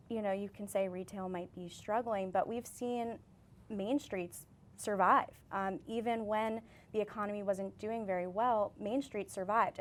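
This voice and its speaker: A woman's voice: medium pitch, a little hiss or hum. A woman guest on a talk show, confidently explaining her approach. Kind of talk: studio interview answers.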